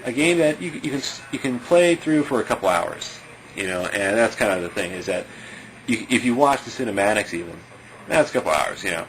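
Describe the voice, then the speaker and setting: A man's voice: fairly low pitch, lively intonation, a little fast, a little hiss or hum, low-quality recording. A man giving loose, rambling spoken commentary, leaning on fillers and chuckling now and then. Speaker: video commentator.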